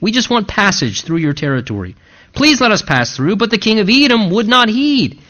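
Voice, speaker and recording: A man's voice: high-pitched, big pitch swings, normal speed, pushed and bright. A man preaching an expository sermon, working verse by verse and breaking into conversational asides. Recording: dull lo-fi recording.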